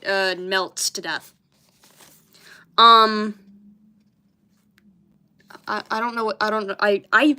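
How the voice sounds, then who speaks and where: Young woman, casual chat, unhurried delivery, bemused, foul-mouthed, self-mocking. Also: fairly high pitch, pushed and bright. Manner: bemused, swears often, laughs at herself. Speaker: artist reviewing her childhood comics.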